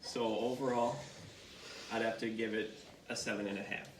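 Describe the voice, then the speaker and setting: A man judging a home baking show, measured and polite. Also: on the low side, fairly even intonation, slight background noise. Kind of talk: casual judging chat. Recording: echoey room, distant mic.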